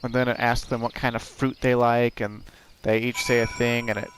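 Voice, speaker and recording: Over game music, a let's play host gives casual, rambling commentary while he plays, telling a story full of fillers and restarts. His mid-range voice is a bit bright, delivered flat at a normal speed, with a little hiss or hum on the recording.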